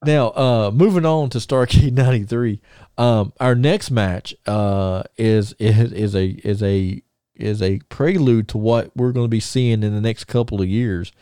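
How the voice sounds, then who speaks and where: Podcast co-host, male, mellow warm tone, dry close sound, rambling anecdotal delivery. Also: lowish voice, unhurried, clear, resonant tone, no room sound. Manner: rambling storyteller, many restarts and chuckles. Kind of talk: casual chat.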